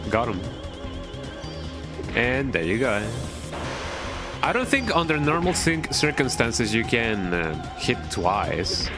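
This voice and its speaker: A man's voice: mid-range voice, big pitch swings, slow pace, pauses often, over music. A man streaming a video game, chatting in a rambling, jokey way that trails off with "you know". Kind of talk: casual live-stream commentary.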